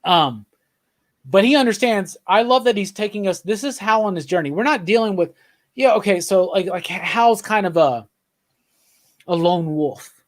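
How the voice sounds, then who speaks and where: Excitable guy going on about comics, kinda high voice, keeps saying right?. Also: moderate pace. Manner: enthusiastic, rambling with restarts and frequent "right?". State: drinking beer while talking. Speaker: podcast co-host. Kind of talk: casual comics chat.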